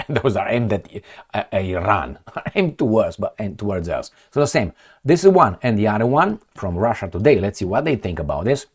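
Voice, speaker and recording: A man's voice: fairly low pitch, very animated, a little fast, slightly rough. A man giving rambling, sarcastic political commentary on his own, swearing and laughing often.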